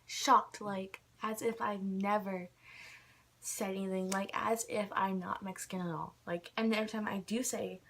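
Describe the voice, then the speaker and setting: With slight background noise, a young woman speaks at normal speed in a medium-pitched, fairly bright voice with fairly even intonation. The vlogger is ranting to camera, annoyed, and keeps dropping "like" into nearly every sentence.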